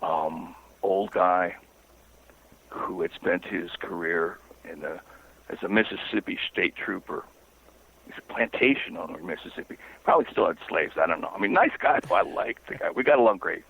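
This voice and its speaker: Gravelly man on a tinny phone line. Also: deep voice. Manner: halting, wry storyteller. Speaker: investigative author guest. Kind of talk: phone-in interview storytelling.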